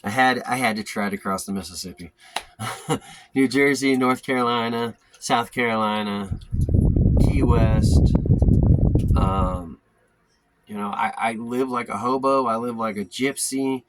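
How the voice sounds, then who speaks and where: A man's voice: mid-range voice, a little slow, pauses often. A man telling stories about his life in a blunt, profane casual monologue, often slipping into the voices of people he quotes. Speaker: storyteller ranting to camera. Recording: audible background noise with clicks.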